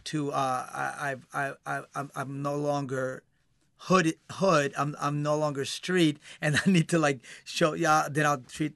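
A man's voice: on the high side, level tone, measured pace, creaky, fairly bright tone, no room sound. A man, an actor guest, talking casually and animatedly, often repeating his words. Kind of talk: casual interview chat.

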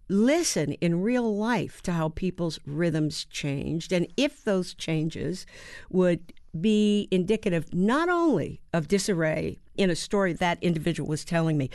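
A woman in her seventies, an actor and playwright from the United States, telling stories in an interview with halting starts and rhythmic emphasis. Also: fairly low pitch, a little mellow, no room sound, studio quality. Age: 70s. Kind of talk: conversational interview.

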